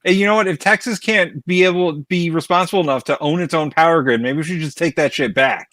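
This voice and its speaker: A man's voice: on the high side, quick pace, fairly bright tone, dry recording, clean studio sound. A man co-hosting a podcast, ranting with lots of swearing. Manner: profane, ranting. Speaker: podcast co-host. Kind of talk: casual podcast chat.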